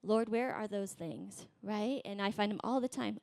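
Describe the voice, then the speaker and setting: A woman in her thirties preaching a sermon in a conversational way, tagging her points with a quick "right?" and acting out quoted voices. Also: creaky, a little mellow, no echo. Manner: acts out voices in quotes, rising high. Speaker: pastor.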